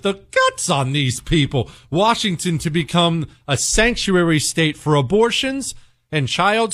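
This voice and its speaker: Animated sarcastic male talk radio host. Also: dry recording, clean studio sound. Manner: sarcastic, animated, swings pitch for emphasis. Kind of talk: opinionated talk radio monologue.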